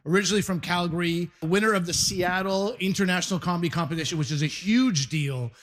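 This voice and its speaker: Fast-talking guy emcee, bit high voice, yelling the intro to the crowd. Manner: hyped, shouting the act's name. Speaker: comedy show emcee. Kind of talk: introducing a comedian.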